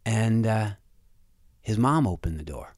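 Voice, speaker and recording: Halting, soft-spoken male storyteller. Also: lively intonation, no echo, clean studio sound. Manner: halting, repeats words, often quiet and low. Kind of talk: personal storytelling.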